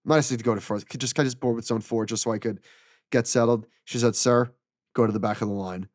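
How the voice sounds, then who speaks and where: Speaking fast in a voice of middling pitch, a middle-aged man co-hosting a podcast relates an exchange in casual storytelling, playing all the parts in quoted dialogue. He sounds animated and exasperated throughout. The audio is close and dry, with no sense of a room around it.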